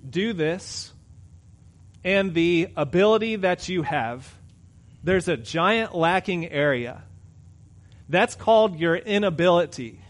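A middle-aged pastor preaching a sermon, conversational, swinging between loud emphatic lines and quiet asides. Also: male voice, high-pitched.

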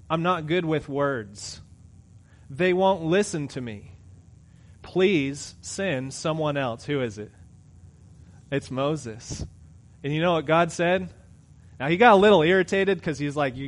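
A middle-aged male pastor preaches conversationally, moving between loud, emphatic lines and quiet asides. His voice is on the high side.

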